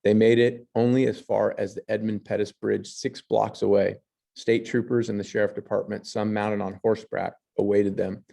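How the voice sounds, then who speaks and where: A man's voice: fairly low pitch, flat delivery, normal speed, vocal fry, warm tone. A man teaching history, reading passages and then commenting on pictures, with fillers and restarts. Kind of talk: lecture over slides.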